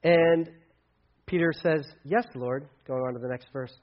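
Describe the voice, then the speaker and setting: Male pastor, slightly high voice, casual sermon, animated dialogue, lo-fi. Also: unhurried. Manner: conversational, acts out dialogue with big swings in pitch and loudness.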